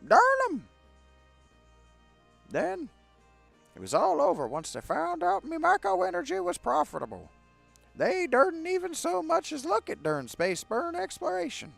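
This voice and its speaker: A man voicing a gruff, cranky old rocket captain who shouts and mumbles his words as if around a cigar. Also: very high-pitched, voice pushed up, full character voice. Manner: loud, bossy, cursing.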